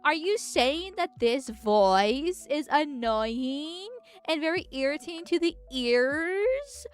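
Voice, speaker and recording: A woman's voice: high-pitched, animated, slow pace, pitched above the performer's own voice. A woman voicing a whiny, dramatic young Valley Girl with a put-on Californian drawl and a pouty, fake-wounded manner. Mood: mock-hurt.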